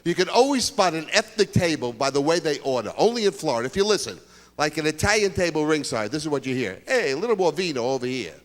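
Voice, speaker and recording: An older man from Brooklyn, doing a stand-up comedy routine with rapid-fire jokes in a high school auditorium. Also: very animated. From Brooklyn, New York. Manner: rapid-fire joke delivery with bits of put-on voices.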